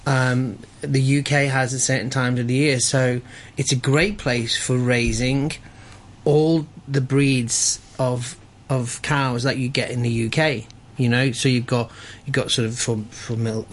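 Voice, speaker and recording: A man talking as a chef guest in a radio studio, casual and halting, full of fillers and restarts. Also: mid-range voice, level tone.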